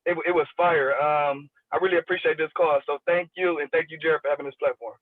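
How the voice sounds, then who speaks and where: Excited man on a tinny phone line. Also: fairly high pitch, brisk, no room sound. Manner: excited, loud, slangy. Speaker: caller. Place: in a car.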